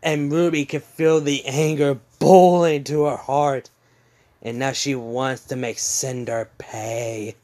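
Slow halting male storyteller. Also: medium pitch, fairly even intonation, a little mellow. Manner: halting, many fillers and restarts. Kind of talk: casual spoken retelling of a fan story.

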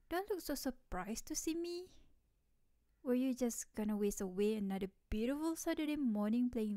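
A young woman voicing an energetic, teasing tomboy childhood best friend in an ASMR role-play, laughing often, recorded dry and close. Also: fairly high pitch, a little slow, pauses often, no echo. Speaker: ASMR voice actress.

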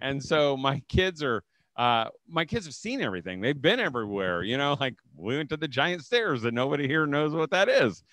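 A man's voice: mid-range voice, big pitch swings, normal speed, fairly bright tone, no room sound. A middle-aged man giving a conversational talk to homeschool leaders, telling stories and acting out quotes. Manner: conversational storytelling, acts out quotes. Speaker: speaker at a homeschool leaders' event. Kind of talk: conference talk.

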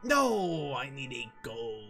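A man's voice: medium pitch, very animated, takes it slowly, gravelly. A man streaming a game, rambling and joking to himself as he plays. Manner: rambling, jokey, talks to himself. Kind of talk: casual gameplay commentary. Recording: loud music under the voice. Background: game music.

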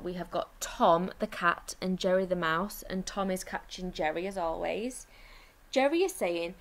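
A woman with an English accent, a primary school teacher giving a recorded lesson, explaining step by step and slowing down to dictate. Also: mid-range voice.

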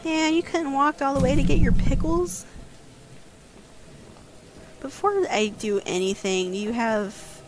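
A woman giving casual let's-play commentary as a guest host, jumpy and quick to yelp when frightened. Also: sits high, animated, heavy background noise. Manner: jumpy, yelps and squeals when scared.

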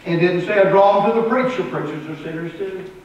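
Pastor preaching in a roomy church. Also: male voice, sits high, brisk, lo-fi sound. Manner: swings between loud and soft, repeats words. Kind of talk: sermon. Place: church sanctuary. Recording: roomy live church recording from a distance.

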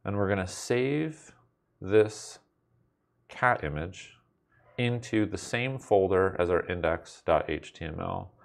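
A man's voice: low-pitched, lively intonation, takes it slowly, gravelly. A man teaching a recorded coding lesson at his computer, in a playful, wry way with jokey asides to the viewer. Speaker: instructor.

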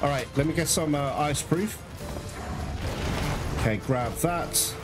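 A man giving live gameplay commentary to his viewers, excitable and swearing often. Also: a little high, unhurried. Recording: loud game music behind.

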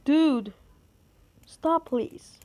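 A woman giving gameplay commentary, excitable, with sudden high outbursts. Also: drawn-out words. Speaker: gamer.

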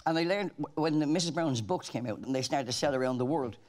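A man's voice: fairly high pitch, quick pace, a little mellow. An Irish man, a talk show guest, telling rambling anecdotes in casual chat with frequent restarts.

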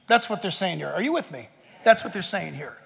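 Fired up male pastor, high voice swooping all over, long church echo. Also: animated, a little fast, vocal fry, fairly bright tone, breathy edge. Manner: impassioned, emphatic, with jokes and rhetorical questions. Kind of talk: sermon. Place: church sanctuary.

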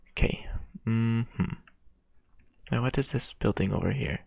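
A man's voice: fairly low pitch, steady tone, unhurried, gravelly, dry recording, clean studio sound. A man giving casual gameplay commentary, rambling and mocking himself as he chats to the game's characters. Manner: rambling and self-mocking, chatting to game characters. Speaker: gaming video creator.

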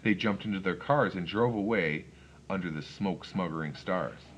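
A man reading a rhyming storybook aloud in first person, with expressive, rhythmic delivery. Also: deep voice, moderate pace, dull audio, a little hiss or hum.

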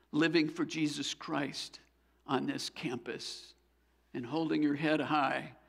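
A man's voice: fairly high pitch, creaky, long reverb tail. A man preaching a sermon as pastor, earnest and building to fervent exhortation. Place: church sanctuary.

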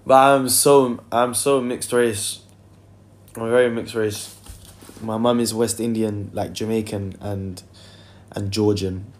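A young man with a lowish voice and a steady tone takes his time as he hosts a livestream from his phone. He's a singer, and he chats loosely with many fillers, reads out viewer comments, and sings softly in between.

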